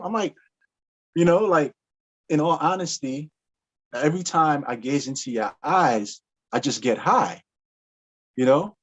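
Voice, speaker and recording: A man, a podcast guest, telling a story in casual talk and acting out the dialogue with big swings in pitch. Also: measured pace, long pauses, breathy edge. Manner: animated, acts out dialogue with jumps in pitch.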